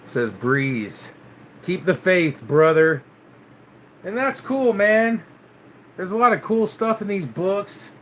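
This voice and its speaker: A man's voice: sits high, slow pace, long pauses, slight background noise. A man hosting his own channel, chatting casually with viewers, loose and laid-back, dropping "man" and swearing often. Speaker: channel host. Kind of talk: casual vlog chat with live viewers.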